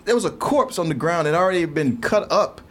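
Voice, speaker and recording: A man's voice: on the high side, expressive, fairly quick, a bit bright. A man co-hosting a casual movie review chat, wry, often laughing and stumbling over his words. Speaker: podcast co-host.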